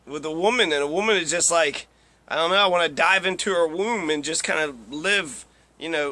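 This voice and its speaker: A man's voice: sits high, bright, forceful tone. A young man giving casual, profane commentary while reading through a list, ranting and mocking. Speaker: video commentator.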